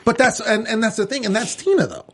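A man co-hosting a casual talk show about a reality series, animated and acting out quotes as he talks. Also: very high voice, quick pace, a little hiss or hum. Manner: animated, acts out quotes with a raised voice. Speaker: podcast co-host.

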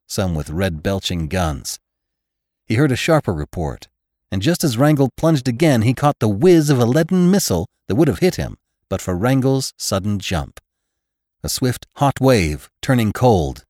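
A man reading a classic western novel aloud as a podcast narrator, with measured, dramatic storytelling and grim, low-voiced character lines. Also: a little mellow, no echo, studio quality. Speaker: audiobook narrator. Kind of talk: scripted narration.

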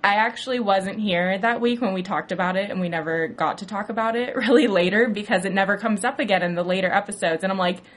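A woman's voice: mid-range voice, fast, hardly any pauses. Chatty woman recapping a TV episode. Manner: chatty retelling full of "like" and "you know". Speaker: TV aftershow recap host.

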